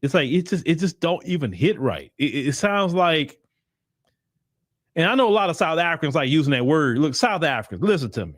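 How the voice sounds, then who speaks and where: Blunt man, slightly high voice. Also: sing-song, a little fast, dry recording, clean studio sound. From United States. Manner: emphatic, blunt and repetitive, slangy. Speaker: commentary channel host. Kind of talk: casual opinion commentary.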